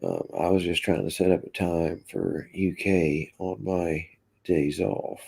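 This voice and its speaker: Slow, gravelly Kentucky drawl man. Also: sits low. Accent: Kentucky Southern drawl. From Kentucky, USA. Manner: relaxed drawl, reads and answers chat aloud. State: congested with a cough. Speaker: livestream host. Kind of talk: casual livestream chat reading viewer comments.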